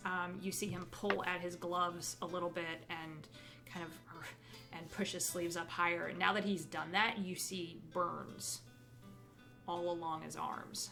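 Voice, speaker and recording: A woman narrating a tabletop game as game master, relaxed with many hesitant fillers. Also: lowish voice.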